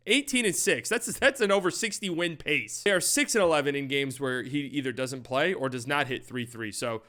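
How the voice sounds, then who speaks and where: Bright-voiced excitable basketball commentator man. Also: mid-range voice, normal speed. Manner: excitable, swears freely, shifts into mock voices. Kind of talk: casual game breakdown over highlights.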